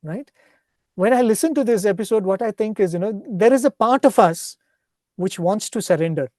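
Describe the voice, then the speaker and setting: A man giving a devotional talk, retelling stories in an unhurried, explanatory way and often checking in with a questioning "right?". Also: high voice, dark tone, dry recording, clean studio sound. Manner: ends points with a questioning "right?". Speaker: spiritual speaker.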